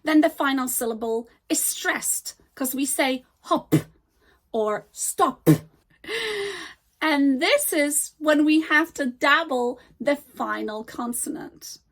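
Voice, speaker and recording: A high-pitched woman gives a scripted English grammar lesson. She slows right down to model each example word with care. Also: fairly bright tone. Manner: slow, deliberate modeling of example words. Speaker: English teacher.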